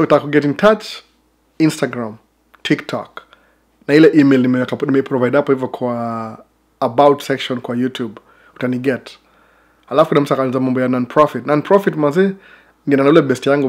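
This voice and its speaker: Kenyan male vlogger, quick, chatty, rambling; loose to-camera talk. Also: medium pitch, a little mellow. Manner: chatty, rambling asides with laughs. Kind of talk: casual chat to camera.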